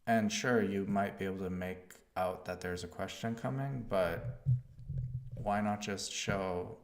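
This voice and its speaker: A man streaming himself learning Spanish, slowly thinking aloud as he works out verb forms. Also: deep voice, creaky, roomy sound. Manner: slow, musing, talks to himself while working out conjugations. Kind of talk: live-streamed self-study, thinking aloud.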